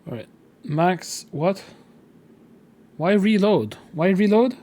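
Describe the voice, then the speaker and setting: A man's voice: high-pitched, expressive, takes it slowly, warm tone, a little hiss or hum. A young man streaming a game, chatting casually and reading its text aloud, swearing now and then. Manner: casual, swears, reads in a rush.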